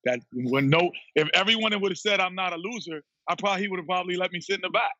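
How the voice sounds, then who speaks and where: A man with a fairly high, bright, forceful voice tells an anecdote and acts out every quote. He laughs often as he talks. The sound is dry and a little dull, as if from a lo-fi line. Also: expressive, very fast, no echo. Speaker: guest, former basketball player and TV analyst. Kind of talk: casual storytelling chat.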